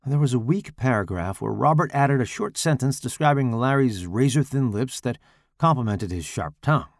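A man reads a horror story with dramatic flair, his voice gravelly and swinging widely in pitch. The sound is dry and close, with no room around it. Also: lively intonation, moderate pace, no room sound. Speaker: audiobook narrator. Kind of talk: scripted horror narration.

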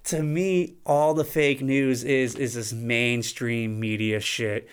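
A man talks straight into the mic on his own podcast, loose and conversational. His voice sits in a middle register, smooth and clear. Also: mid-range voice, flat delivery, takes it slowly. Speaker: podcast host. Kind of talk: casual monologue.

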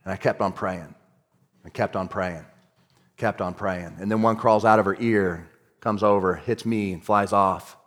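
A male pastor telling a story in a sermon, swinging between hushed storytelling and shouting. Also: fairly low pitch, fairly even intonation, a little slow, long reverb tail.

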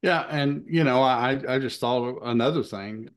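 A man's voice: mid-range voice, moderate pace. A man cohosting a podcast in casual chat, joking and teasing, often restarting his sentences. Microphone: travel mic, from an airport.

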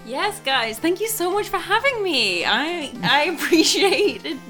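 Lively teasing woman podcast guest. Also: extremely high pitch, faint music behind. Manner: teasing, quick questions. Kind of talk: casual chat.

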